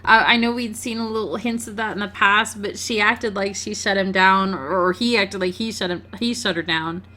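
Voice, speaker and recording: A woman's voice: medium pitch, steady tone, moderate pace, pushed and bright. A woman hosting a game let's play, reading the story aloud and commenting emotionally, tearful, stammering and laughing.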